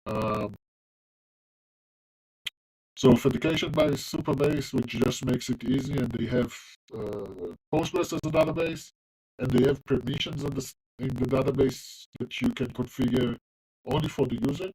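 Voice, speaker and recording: A man's voice: mid-range voice, normal speed, darkish tone, breathy edge, poor audio. A man with a non-native English accent leaning American, streaming himself coding and chatting casually with viewers. He talks loosely, with plenty of ums and restarts. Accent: non-native English accent, closer to American. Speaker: coding livestreamer. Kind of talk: casual livestream chat while coding.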